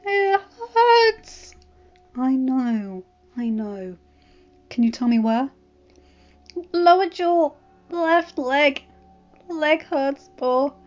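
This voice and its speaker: A woman voicing a young, injured male dragon who speaks in halting whimpers, in a storybook reading. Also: extremely high pitch, animated, dull audio, faint music behind, voice pushed up, exaggerated voice. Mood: hurting.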